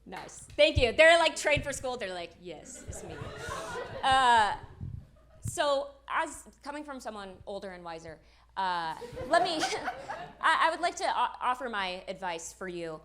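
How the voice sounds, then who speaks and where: A young woman performing a self-deprecating stand-up comedy set on stage, with quick asides to the crowd. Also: a little high, sing-song. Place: comedy stage with live audience. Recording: live show with clear background noise.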